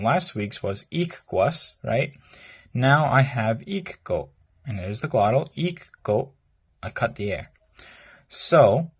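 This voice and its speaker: Slow, husky-voiced man teaching a lesson. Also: on the low side. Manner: hesitant, many ums and restarts, repeats phrases slowly. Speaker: language teacher. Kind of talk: explaining a language lesson.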